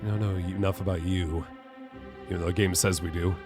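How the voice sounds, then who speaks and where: A man's voice: deep voice, fairly even intonation, fairly quick, over music. A man streaming a video game, puzzling things out aloud and musing to himself as he plays. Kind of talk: live gameplay commentary.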